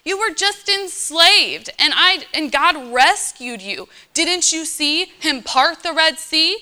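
A woman voicing an exasperated ancient male prophet who incredulously scolds his people, in her own bright, sharp voice. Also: sits high, expressive, slow pace, voice pushed up, full character voice.

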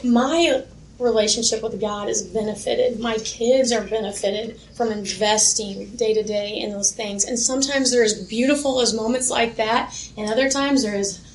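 A woman's voice: a little high, steady tone, moderate pace. Woman workshop speaker, heartfelt storyteller, faint room noise. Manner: heartfelt, storytelling, laughs easily. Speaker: youth ministry speaker. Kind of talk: workshop talk. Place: conference room. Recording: echoey room with faint ambience.

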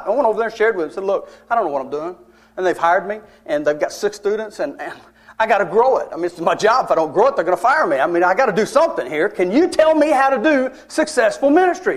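A man preaching a sermon as a personal story, conversational and emphatic, with wry asides to his listeners. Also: high voice.

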